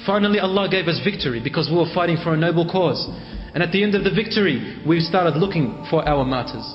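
A man's voice: on the high side, lively intonation, fast talker. A male preacher dramatically retelling a religious story, voicing its people in quoted speech and mixing in Arabic phrases. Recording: echoey hall, dull lo-fi sound, faint music.

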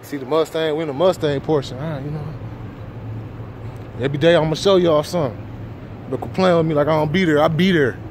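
A man's voice: fairly high pitch, a little fast, long pauses, darkish tone, a little hiss or hum. A man vlogging on a handheld phone as he walks through a car show outdoors, hyped and slangy, talking straight to his viewers. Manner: hyped slangy street talk, addressing viewers. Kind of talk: casual vlog walk-through.

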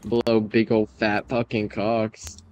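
A woman's voice: a bass voice, flat delivery, slow, a little mellow, a little hiss or hum. A woman trash-talking in a game's voice chat, crude and mocking. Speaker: other game player.

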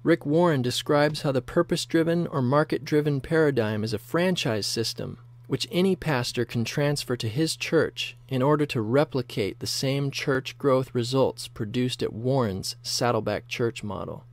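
A man narrating a documentary from a script, in a measured voice of middle pitch. He delivers each line steadily, with a critical edge.

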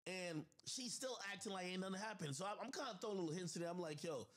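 A man on a livestream telling a personal story in an animated, profane way, addressing his viewers with lots of asides. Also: sits high, fast. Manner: animated and profane, with constant "I'm like" asides to the audience. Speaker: livestream host.

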